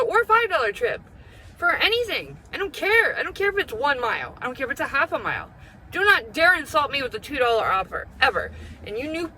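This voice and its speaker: A woman's voice: high voice, pushed and bright, a little hiss or hum, rough recording. A woman who works as a delivery driver, ranting with anger and frustration, swearing and repeating herself. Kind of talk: ranting video monologue.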